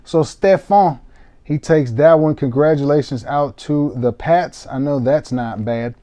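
Excitable swearing man, mellow voice. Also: on the high side, measured pace, no room sound. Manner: excitable, self-mocking, swears casually. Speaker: card break streamer. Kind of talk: casual live-stream commentary.

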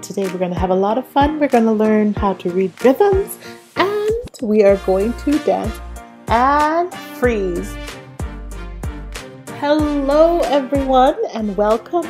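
Woman, children's music teacher, high lively voice, cheerful call-and-response, breathy. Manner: slow, cheerful sing-song teacher talk with call-and-response prompts.

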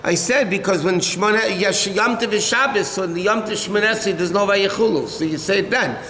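A man's voice: high-pitched, brisk, bright, forceful tone, slight background noise. Man lecturing in an echoey hall. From United States. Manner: explanatory, conversational, answers questions from the room. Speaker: rabbi teaching a class. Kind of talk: halacha class lecture.

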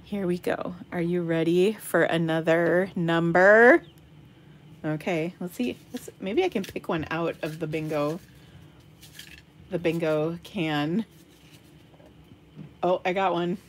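A woman's voice: fairly low pitch, takes it slowly, long pauses. Giggly woman calling bingo online. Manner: giggly, playful, breaks into silly singing. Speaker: host of an online craft workshop game night. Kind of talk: casual live-stream chat calling bingo. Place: home craft room.

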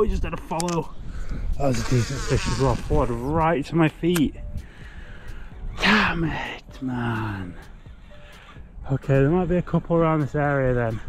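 A young man talking casually to camera while fishing outdoors on a canal bank, muttering to himself and swearing mildly. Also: mid-range voice. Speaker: fishing vlogger. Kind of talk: casual vlog commentary.

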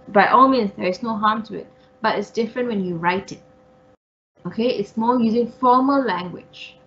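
A woman teacher with a medium-pitched voice gives an online English writing revision lesson, patiently explaining each point step by step and saying "okay" and "all right" often. The online class audio sounds dull, with a little hiss or hum.

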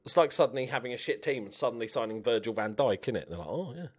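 A young man giving chatty, animated commentary while playing a game, cheering on his players. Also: mid-range voice, racing. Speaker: gaming YouTuber. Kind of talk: casual let's-play commentary.

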